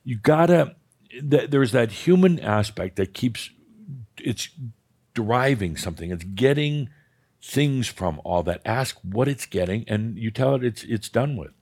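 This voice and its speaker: A man's voice: mid-range voice, animated, unhurried, a little mellow, slightly rough. A man leading a live spiritual workshop with an audience, coaching a participant in a blunt, profane and often laughing way. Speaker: spiritual teacher leading a session.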